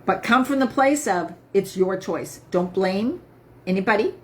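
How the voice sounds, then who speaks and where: A woman's voice: mid-range voice, animated, unhurried. A woman health coach talking casually to viewers on a live stream, emphatic and upbeat, often asking "right?".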